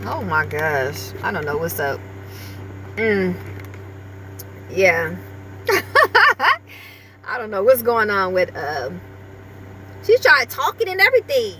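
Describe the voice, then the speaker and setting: A woman's voice: medium pitch, big pitch swings, a little slow, pauses often, a bit bright, slight background noise. A woman vlogger chatting casually with her viewers and breaking off now and then to talk to her small dog.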